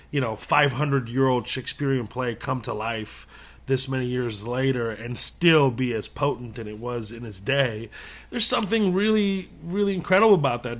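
A man talks as a comedian guest in an unscripted interview. His voice sits at an ordinary middle pitch, and he tells his stories with animation, laughing often as he goes. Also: a bit bright. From Middle East. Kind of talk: casual interview conversation.

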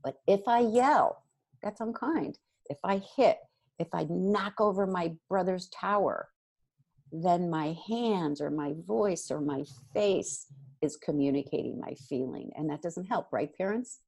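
A middle-aged woman, a guest expert, giving parenting advice in an energetic, emphatic conversational way. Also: on the low side, creaky, breathy edge. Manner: energetic, emphatic, quick bursts of repetition.

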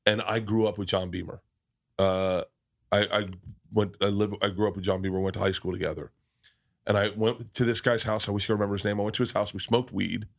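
A podcast host from the American South talks in a lowish, steady voice with some vocal fry, going a little fast. He tells rambling, profane stories in casual chat and often restarts his sentences.

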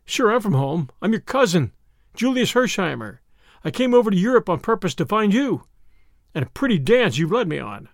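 A man's voice: high-pitched, sing-song, moderate pace, dry recording, clean studio sound. A man voicing a brash, easygoing young American man, with an American accent and a slangy, drawling way of talking. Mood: gentle.

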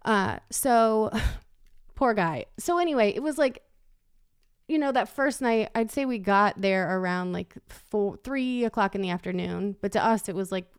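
A woman's voice: medium pitch, lively intonation, measured pace, smooth, dry recording, clean studio sound. A woman in her thirties telling a long story in casual chat, rambling with many "like"s and frequent laughs.

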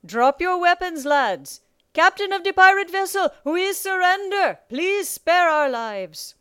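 A woman voicing a gruff male ship captain who bellows orders to his crew in a clipped sailor's dialect. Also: very high-pitched, very animated, slow, a bit bright, no echo, clean studio sound, voice pushed up, heavily acted. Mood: bellowing orders.

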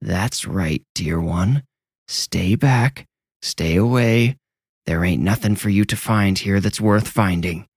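A man voicing a sickly, ancient old woman hiding in the hedges, with a gnarled, rasping, menacing voice. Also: deep voice, slow pace, dry recording, clean studio sound, full character voice. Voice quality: gnarled rasp. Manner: menacing, cackling.

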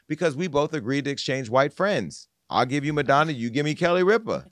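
A man's voice: on the high side, brisk, dry recording, studio quality. A man hosting a casual gossip podcast, telling stories with animation and acting out what others said. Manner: animated storytelling, acts out quotes. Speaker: podcast host.

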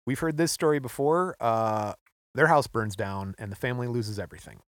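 A man's voice: medium pitch, a little fast, a bit bright, no room sound. Guy podcast host telling a story, jokey and offhand, dry sound. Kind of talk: casual chat.

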